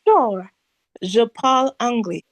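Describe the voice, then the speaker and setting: A woman's voice: on the high side, lively intonation, slow pace, dry recording. A woman student confidently delivering a prepared self-introduction in a language class over a video call.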